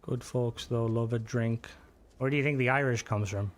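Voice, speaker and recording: A man streaming a game, chatting loosely with viewers while he plays, swearing freely and breaking into excited outbursts. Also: mid-range voice, normal speed. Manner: rambling, profane, reads and answers chat while playing; excitable outbursts during gameplay. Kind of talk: casual gaming livestream chat.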